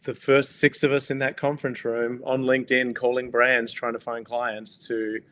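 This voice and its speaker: An Australian man chatting easily as a guest, mid-pitched and unhurried. He hesitates often with small fillers as he thinks. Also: flat delivery, a bit bright. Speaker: guest, company co-founder. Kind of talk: casual interview chat.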